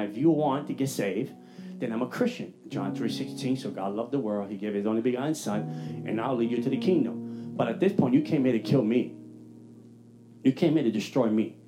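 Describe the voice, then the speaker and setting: A man preaching a testimony sermon, telling his story in an animated way and acting out his own dialogue. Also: mid-range voice. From New York.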